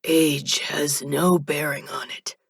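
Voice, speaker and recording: A woman voicing an emotionless male death spirit who speaks in a flat, neutral monotone in a storybook reading. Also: deep voice, slow, creaky, breathy edge, dry recording, studio quality, full character voice. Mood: cold.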